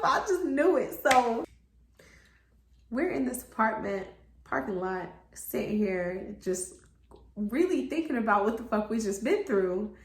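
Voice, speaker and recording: A woman's voice: mid-range voice, measured pace. A young woman vlogger telling a story in casual chat to her viewers, swearing freely and acting out what people said. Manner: animated, swears freely, acts out quotes. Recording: roomy echo.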